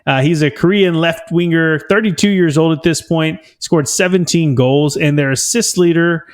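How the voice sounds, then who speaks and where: A man with a somewhat high-pitched voice co-hosts a casual sports podcast. He rambles enthusiastically, stopping and restarting his thoughts with plenty of ums. His talk sounds like relaxed chat at a home podcast setup. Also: moderate pace, clear, resonant tone. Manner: rambling, filler-heavy, enthusiastic fan talk. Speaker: podcast co-host.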